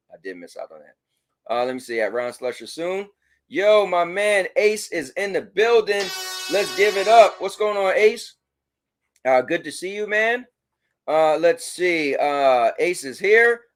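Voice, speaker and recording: A man hosting a casual livestream, reading chat messages aloud and giving shout-outs. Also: fairly high pitch. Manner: animated, talks to his dog. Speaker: livestream host.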